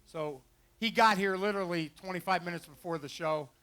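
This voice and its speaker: A man's voice: high voice, brisk, bright, forceful tone. A man giving joking, folksy commentary as he demonstrates retriever dogs outdoors on a fairground mic. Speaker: dog trainer and show host. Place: outdoor fair pond with dock. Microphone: handheld or headset mic.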